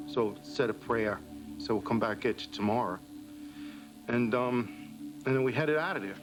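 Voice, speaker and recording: A man, a firefighter, giving a plain, steady first-hand account in a documentary interview. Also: mid-range voice, moderate pace, pauses often, music in the background, rough recording. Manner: plain, steady retelling with quoted speech.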